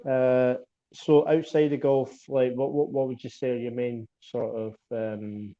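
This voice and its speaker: A Scottish man hosts a casual podcast chat and keeps it jokey, stumbling over his words as he goes. His voice is mellow and warm. The audio is dull and lo-fi, as on a remote recording. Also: mid-range voice, flat delivery, a little slow. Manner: jokey, stammering restarts. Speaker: podcast host.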